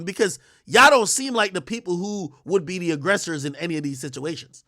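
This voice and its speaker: High-voiced man ranting on a livestream. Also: bright, forceful tone, no room sound, studio quality. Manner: profane, confrontational, rapid-fire. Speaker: livestream host. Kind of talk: heated livestream rant.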